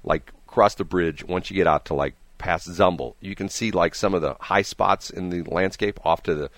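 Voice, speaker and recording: A man's voice: deep voice, moderate pace, fairly bright tone, dry recording. A man hosting a radio morning show, telling rambling, jokey stories in casual on-air banter and often repeating his words. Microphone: studio microphone.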